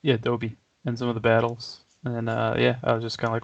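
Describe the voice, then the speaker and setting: A man's voice: medium pitch, completely flat delivery, fairly quick, vocal fry, no echo. A man co-hosting a casual chat show, easygoing and often laughing. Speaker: podcast co-host. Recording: dry, dull lo-fi audio.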